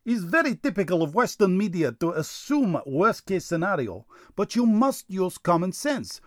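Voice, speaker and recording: A man voicing a smug male Russian state-media correspondent, in a put-on Russian accent with broken, deadpan English in a comedy sketch. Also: high voice, moderate pace, dry recording, clean studio sound. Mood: dismissive.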